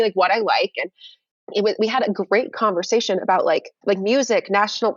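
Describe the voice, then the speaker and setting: A young woman telling a dating story in casual conversation on a video call, animated and full of fillers. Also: mid-range voice, no echo, dull audio. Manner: animated, many fillers and restarts. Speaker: guest.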